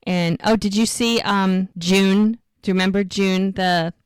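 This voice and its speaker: Woman podcast cohost chatting thru a recap, smooth clear voice, dry close sound. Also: medium pitch, fairly even intonation, unhurried, no room sound. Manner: chatty retelling with frequent fillers. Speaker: podcast co-host. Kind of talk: casual episode recap.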